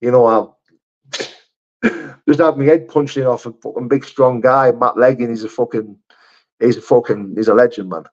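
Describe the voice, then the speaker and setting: A man's voice: medium pitch, fairly even intonation, moderate pace, long pauses. Sweary blokey man, lo-fi. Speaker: livestream host reading chat. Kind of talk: casual live chat. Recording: slightly dull lo-fi stream audio.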